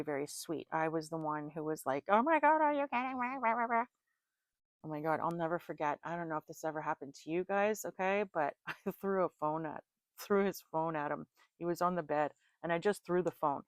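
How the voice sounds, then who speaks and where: Chatty middle-aged woman, low-pitched voice. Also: no echo. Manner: chatty, rambling, laughs often, animated storytelling. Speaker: tarot reader. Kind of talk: casual tarot reading with personal storytelling.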